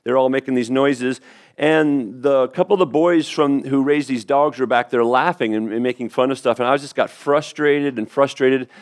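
A middle-aged pastor with a medium-pitched voice preaches a sermon, telling a story conversationally. He peppers it with quick asides and restarts.

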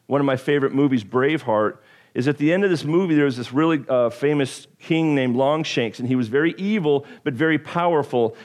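A man preaching a sermon, animated and joking, with self-deprecating asides and frequent stumbles and restarts. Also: medium pitch, brisk. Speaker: pastor.

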